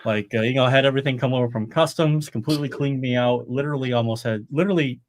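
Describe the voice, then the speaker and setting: Talking very fast in a mid-range voice, a middle-aged man co-hosting a podcast rambles through casual chat on a live stream, swearing without restraint.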